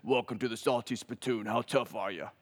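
A tough cartoon bouncer guards the door of a rough bar, as a man puts him on. He speaks in a low, flat, gravelly growl. Long reverb from a big hall rings behind him. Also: fairly quick, natural voice. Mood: gruff.

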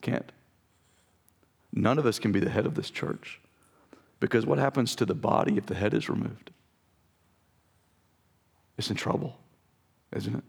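Raspy-voiced pastor man preaching. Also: on the low side, a little slow, long pauses. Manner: earnest, direct, talks straight to the congregation. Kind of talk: sermon. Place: church sanctuary.

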